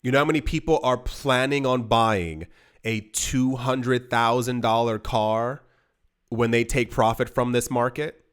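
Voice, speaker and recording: A man's voice: medium pitch, fairly even intonation, unhurried, clean tone. A man hosting an investing channel, talking straight to camera in an emphatic, pleading way, with many restarts as he rambles. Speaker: crypto investing channel host. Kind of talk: casual direct-to-camera monologue.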